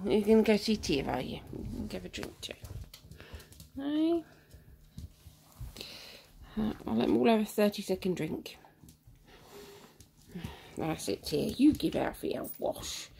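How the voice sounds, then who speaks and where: A woman's voice: medium pitch, vocal fry, warm tone, breathy edge. Woman, home video, leisurely and very sing-song, coos at pets. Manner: cooing, sing-song baby talk to puppies. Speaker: dog breeder filming her puppies. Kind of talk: casual chat to dogs while filming. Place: indoor living room at home. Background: puppies playing.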